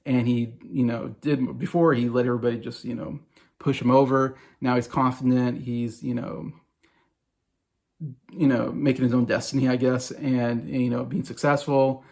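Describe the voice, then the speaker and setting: A middle-aged man recalls favorite films in an unscripted, rambling way, full of fillers and restarts. His voice sits at an ordinary pitch with a gravelly, creaky edge. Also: flat delivery, normal speed, a little mellow. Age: 40s. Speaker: movie vlogger. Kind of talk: casual movie review.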